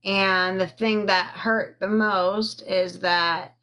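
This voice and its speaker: A woman telling a personal story on a live stream into a phone, halting with frequent pauses and fillers, stopping to thank viewers. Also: mid-range voice, steady tone, sharp tone. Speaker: livestreamer telling her own story.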